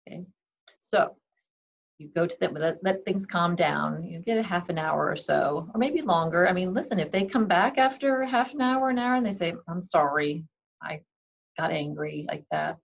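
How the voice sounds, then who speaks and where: A woman's voice: lowish voice, moderate pace, vocal fry, a little hiss or hum. A woman giving casual parenting advice in a conversational way, often saying "okay" and acting out what parents and kids say. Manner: conversational, frequent "okay", acts out parent and kid lines. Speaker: parenting advisor. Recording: dull lo-fi recording.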